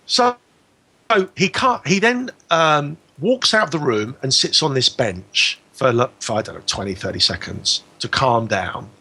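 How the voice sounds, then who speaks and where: A man's voice: mid-range voice, expressive, unhurried, sharp tone, slightly rough. A man telling a personal story as a guest on a radio talk show, acting out both sides of the exchange.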